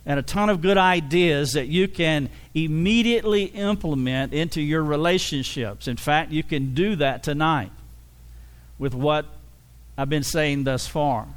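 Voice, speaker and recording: A middle-aged male pastor preaching in an animated, humorous way. His voice is smooth and clear, set a touch high for a man. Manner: animated, humorous, acts out quoted dialogue. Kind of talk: sermon.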